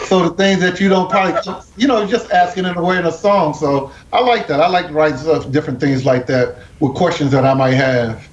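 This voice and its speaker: A man's voice: a little high, fairly quick, few pauses. A man, a guest songwriter, chatting casually on a radio show about his songs, often repeating words. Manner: relaxed, repeats words while talking. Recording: echoey, dull, lo-fi with faint hiss.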